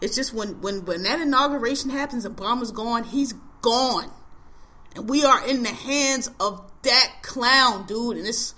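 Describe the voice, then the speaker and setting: Bright-voiced woman ranting angrily. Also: fairly high pitch, normal speed. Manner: angry, profane, emphatic ranting. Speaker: podcast host. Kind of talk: casual ranting chat.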